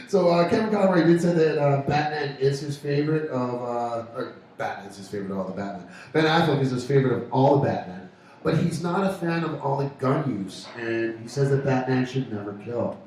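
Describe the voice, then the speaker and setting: A man's voice: mid-range voice, normal speed, a little mellow. A man hosting a radio show with casual, rambling, joking banter from a pub. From Canada. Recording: echoey pub from far off.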